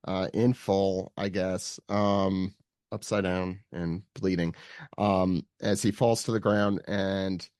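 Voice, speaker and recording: A man hosting a podcast, recapping a comic chapter in relaxed casual chat with many hesitations, handing off to his co-hosts. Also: lowish voice, dry recording, studio quality. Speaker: podcast host.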